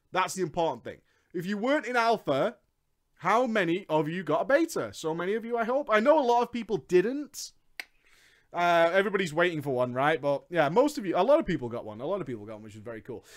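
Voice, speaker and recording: A young man talking casually on a live stream, excitable and swearing freely, ranting in bursts. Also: sits high.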